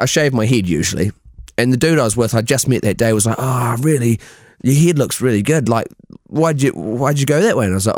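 A man's voice: medium pitch, no echo, clean studio sound. New Zealand man telling a story. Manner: laughing storyteller, swears freely. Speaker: podcast co-host. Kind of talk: casual chat.

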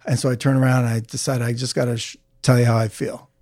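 A man with a gravelly, mid-pitched voice tells a self-mocking story as a podcast guest. He quotes what everyone said and keeps laughing at himself as he goes. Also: fast. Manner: animated anecdote teller, quotes people, laughs at himself. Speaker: orthopedic surgeon guest. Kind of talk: casual storytelling.

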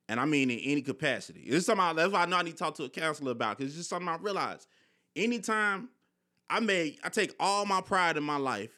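A man's voice: fairly high pitch, pushed and bright. A young man hosting a podcast, telling personal stories candidly in casual slang with frequent swearing. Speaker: podcast host. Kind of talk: casual conversation.

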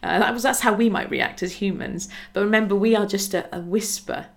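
On her devotional podcast, a woman talks casually yet earnestly, offering encouragement and playing out little dialogues. Her mid-range voice is gravelly and runs a little fast.

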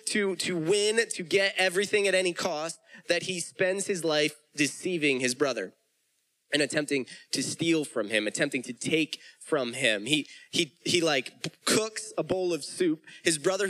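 A man's voice: a little high, fairly bright tone, poor audio. A man preaching a sermon, retelling the story in casual everyday speech with frequent restarts.

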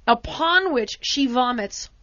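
A woman with a slightly high voice tells a chaotic story, dramatic and animated, voicing the people in it as she goes. The sound is dry and a little dull, close to the mic. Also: slow, no room sound. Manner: animated, dramatic retelling with acted-out quotes. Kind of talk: casual storytelling chat.

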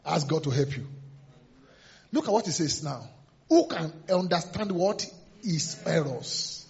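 A man's voice: fairly high pitch, expressive, unhurried, gravelly, a little mellow, slightly rough. A man preaching a sermon as pastor, emphatic and repetitive, sometimes laughing and acting out voices. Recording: dull lo-fi sermon recording.

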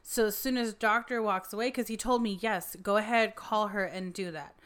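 A woman's voice: mid-range voice, normal speed, clear, resonant tone. Woman telling a heated story with swearing. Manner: lively storytelling, swearing, acting out quotes. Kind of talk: casual chat.

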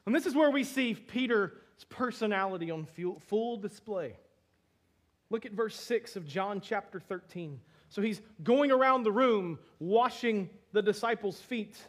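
High-voiced male pastor, animated conversational sermon, acts out scripture dialogue. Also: unhurried.

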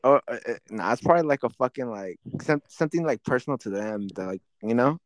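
A young man hosting a podcast, talking casually in a halting, rambling way, often searching for words. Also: medium pitch, expressive, dry recording. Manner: rambling, halting, many fillers and restarts. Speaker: podcast host. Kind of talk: casual chat.

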